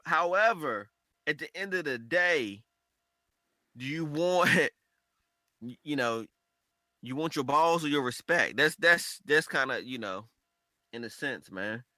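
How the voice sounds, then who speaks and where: A man co-hosting a casual podcast chat, talking in an animated way and acting out quoted conversations. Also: fairly high pitch, slow pace, long pauses, no echo. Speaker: podcast co-host.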